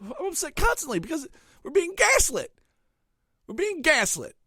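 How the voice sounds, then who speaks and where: Ranting man, swings to shouts. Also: extremely high pitch, huge pitch swings, moderate pace, no echo, clean studio sound. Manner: angry, swearing, swings from muttering to shouting. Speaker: comedic ranting host. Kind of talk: comedic rant monologue.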